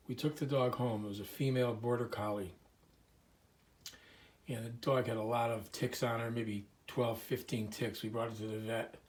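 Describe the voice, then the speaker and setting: A man speaks at an ordinary middle pitch, telling stories in an earnest, rambling way and clearing his throat now and then. He talks casually to the camera from inside a small museum room. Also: a little mellow.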